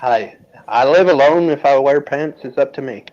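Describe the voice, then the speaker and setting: A man's voice: mid-range voice, moderate pace, a little mellow, highs cut off. A man co-hosting a casual livestream from home, joking and playful. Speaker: livestream co-host. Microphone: remote call, earphones.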